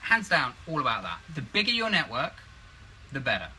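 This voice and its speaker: A British man chats through business advice in a casual, meandering way. His voice is very bright and edgy. He keeps circling back and picking up his thread again. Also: medium pitch, huge pitch swings, brisk, slight background noise, poor audio. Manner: rambling, loses his thread. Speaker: co-host.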